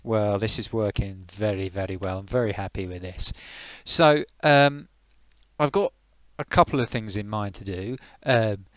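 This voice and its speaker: A man's voice: on the low side, measured pace, fairly bright tone, no echo. A man casually chatting on a live stream, greeting viewers by name and thinking aloud as he tweaks his settings.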